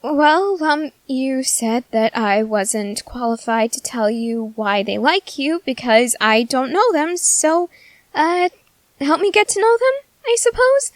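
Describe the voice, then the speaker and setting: A woman's voice: high-pitched, takes it slowly, no room sound. A woman voicing a food-obsessed teenage soldier girl in an ASMR audio drama, whiny and melodramatic. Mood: chatty. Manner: whiny, melodramatic, easily sidetracked.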